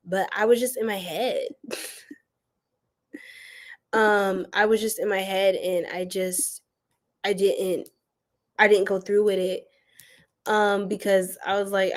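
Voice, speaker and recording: A woman's voice: mid-range voice, measured pace, long pauses. A young woman hosting a live tarot reading, talking casually and playfully to her viewers and laughing often. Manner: addresses viewers as y'all and girl. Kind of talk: casual live-stream chat.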